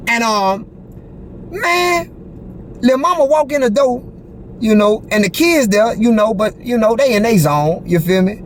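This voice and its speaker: A man's voice: extremely high pitch, a little slow, slight background noise. A man telling a personal story straight to the camera, talking in street slang with lots of swearing and constant check-ins with the listener. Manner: animated, profane street slang, repeats "you feel me". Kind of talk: casual storytelling monologue.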